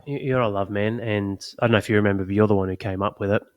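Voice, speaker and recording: A man's voice: lowish voice, fairly even intonation, racing, darkish tone, dry recording. A middle-aged man, a podcast co-host, speaking earnestly and reflectively in casual conversation. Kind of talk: casual chat.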